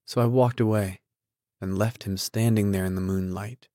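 Deep, flat-voiced male audiobook narrator. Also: moderate pace, no echo, studio quality. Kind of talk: scripted literary narration.

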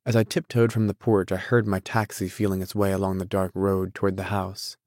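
Clean studio audio with no room sound carries a man's low voice as he narrates a novel. He is an audiobook narrator, delivering scripted literary narration in a measured, even storytelling manner.

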